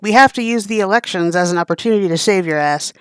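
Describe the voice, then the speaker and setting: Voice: medium pitch, quick pace, clean tone, no room sound, lightly acted. A streamer voicing a brash older-sister witch in a video game, who talks in a bossy way and swears a lot. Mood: scolding.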